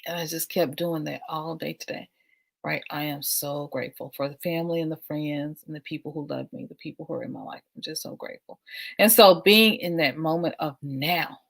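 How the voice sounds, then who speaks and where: A woman's voice: low-pitched, fairly quick, vocal fry. A middle-aged woman from the United States hosting a casual livestream, affirming and repetitive, often laughing. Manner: warm, affirming, repeats phrases, laughs often. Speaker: livestream host.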